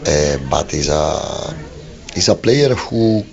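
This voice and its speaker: A football manager giving a halting post-match radio interview, full of fillers and restarts, on a lo-fi broadcast. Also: male voice, rumbling low, animated, creaky, crowd noise.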